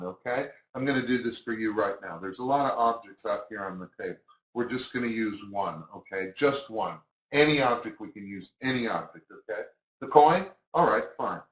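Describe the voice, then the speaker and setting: Chatty man teaching magic, roomy sound. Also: lowish voice. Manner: casual, chatty, acts out patter to spectators. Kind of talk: instructional talk to camera.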